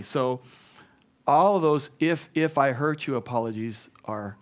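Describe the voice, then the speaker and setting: Rich: An animated man preaching a sermon, his pitch sitting in an ordinary middle range. He breaks off to act out excuses and weak apologies, then leads the congregation in call and response. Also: moderate pace. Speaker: pastor. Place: church.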